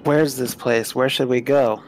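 A man's voice: medium pitch, fairly even intonation, unhurried, soft background music. A man playing a tabletop game, steadily describing what his character does. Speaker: player. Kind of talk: tabletop role-play narration.

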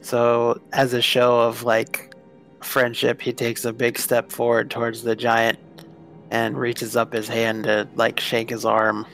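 A man in a tabletop game describes his character's actions in an even, steady way, with little rise and fall in his voice. Faint music plays in the background. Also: mid-range voice, slow pace. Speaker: player. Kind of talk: tabletop role-play narration.

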